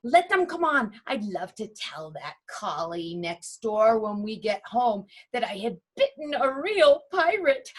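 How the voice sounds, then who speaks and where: A woman voicing a brave, cheeky dog in a storybook reading, excited and boastful. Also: a little high, measured pace, hardly any pauses. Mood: eager.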